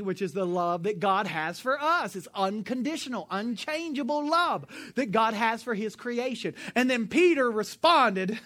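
A woman preaching a sermon in a lively, emphatic way, with joking asides and sudden bursts of loud emphasis. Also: on the high side, normal speed, hardly any pauses.

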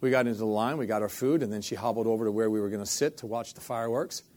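Speaking in a lowish voice at a racing pace, this middle-aged minister recounts a story in an interview. He's an animated storyteller who performs the quoted lines and keeps saying "I said."

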